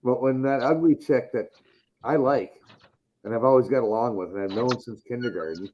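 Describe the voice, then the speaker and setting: A man's voice: mid-range voice, moderate pace, dark tone, lo-fi sound. A man hosting a casual podcast chat, rambling and swearing heavily. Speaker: podcast host.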